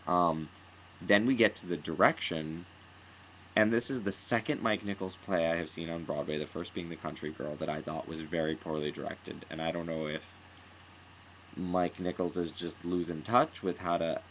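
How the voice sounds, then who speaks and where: A man with a notably deep voice talks through an opinionated theater review, rambling and restarting his sentences. He now and then acts out lines in an exaggerated voice. A faint hiss sits under the recording. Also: fairly even intonation, normal speed, poor audio. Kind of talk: casual spoken review.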